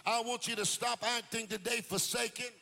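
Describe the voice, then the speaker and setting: A man preaching a sermon in church in a sing-song cadence that climbs into shouts. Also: extremely high pitch, fairly even intonation, a little fast, vocal fry. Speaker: pastor. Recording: long hall reverb with faint music.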